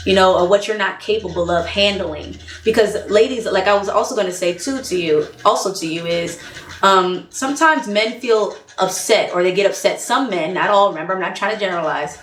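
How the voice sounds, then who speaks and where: The roomy, echoing recording captures a woman with a fairly bright, mid-range voice vlogging relationship advice. Her candid monologue is blunt and chatty, full of laughs and repeated points.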